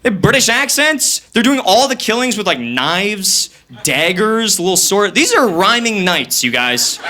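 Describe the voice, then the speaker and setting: A young man performs stand-up on stage into a handheld mic, energetic and self-mocking as he jumps into voices. His voice is high-pitched and a little slow. The live comedy club recording carries audience noise.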